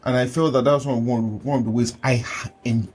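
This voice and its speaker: A man hosting a podcast, telling personal stories in an animated way, laughing often and acting out what people said to him. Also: mid-range voice, a little fast, slight background noise. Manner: animated storyteller, laughs often, acts out quotes. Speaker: podcast host and coach. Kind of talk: casual conversational chat.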